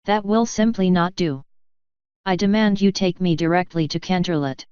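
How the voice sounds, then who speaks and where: A woman's voice: on the low side, normal speed, darkish tone, clear, resonant tone, dry recording, highs cut off, lightly acted. A woman reading the part of a haughty, self-important stallion noble who makes demands. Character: pompous haughty stallion noble, male adult.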